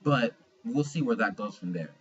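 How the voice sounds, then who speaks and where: Young man, casual manga review, slangy, cursing, mid pitch, dull lo-fi sound. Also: normal speed, husky. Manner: slangy and profane, animated retelling.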